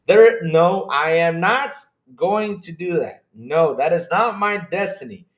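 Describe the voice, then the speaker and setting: A man hosting a casual gaming livestream, rambling in an animated way, reading chat and swearing when he gets worked up. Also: high-pitched, a little slow. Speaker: podcast host reading live chat.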